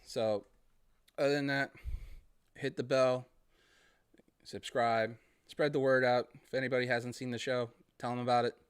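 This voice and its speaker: A man's voice: mid-range voice, little pitch movement, normal speed, long pauses, smooth, dry recording, studio quality. A man from Massachusetts with a Boston accent, hosting a casual solo podcast and rambling in a friendly way. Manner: rambling, friendly, laughs between thoughts. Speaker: podcast host.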